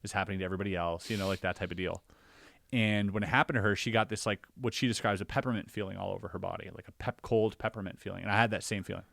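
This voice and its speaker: A man in a casual podcast conversation, telling a personal story in an animated way, acting out his own reactions with lots of filler words. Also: lowish voice, racing, vocal fry, no echo. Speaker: podcast guest or co-host.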